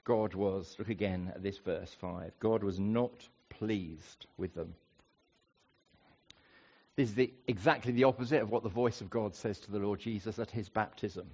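A man preaching a sermon, slowing down and rising in pitch to stress key points. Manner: expressive, rising for emphasis and slowing on key phrases. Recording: dull lo-fi recording.

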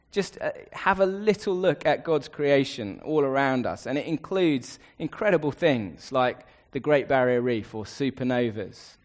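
A man delivers a sermon in an earnest voice of middling pitch. He builds his points through emphatic repeated lists, rising and then dropping away. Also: darkish tone. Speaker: preacher.

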